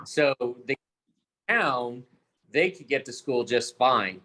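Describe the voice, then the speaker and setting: A man's voice: mid-range voice, animated, slow pace, bright, forceful tone. Easygoing man chatting on a video call. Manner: easygoing, self-deprecating. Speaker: teacher. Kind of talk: casual video-call chat.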